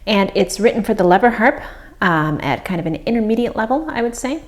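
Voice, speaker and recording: A woman harp teacher calmly explaining practice techniques, with soft fillers between phrases. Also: medium pitch, brisk. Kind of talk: instructional explanation. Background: harp playing.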